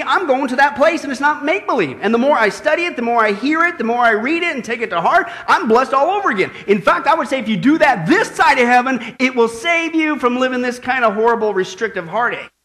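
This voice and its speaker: A male pastor giving a lively, joking sermon with emphatic delivery. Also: extremely high pitch, brisk, some chatter behind.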